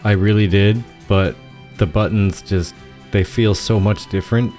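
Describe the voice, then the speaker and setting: A man with a low, dark and mellow voice talks through a casual gaming podcast. He explains things at length and often restarts his sentences. Faint music plays behind him. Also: steady tone, unhurried. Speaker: podcast co-host.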